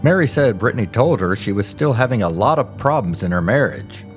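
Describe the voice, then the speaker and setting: Low-voiced man narrating true crime. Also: lively intonation, brisk, soft background music. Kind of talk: scripted narration.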